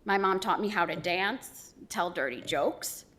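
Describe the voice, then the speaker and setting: A middle-aged woman giving a eulogy for her mother, telling stories with gentle humor. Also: lowish voice, a little slow. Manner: warm storytelling with gentle humor. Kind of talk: funeral eulogy.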